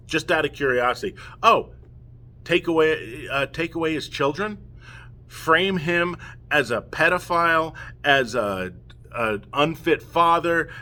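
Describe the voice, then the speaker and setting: A man's voice: mid-range voice, pushed and bright. A middle-aged man delivers an impassioned, emotional rant straight to the camera as a father, heated and pleading, often checking in with "okay?". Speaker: father speaking out against family courts.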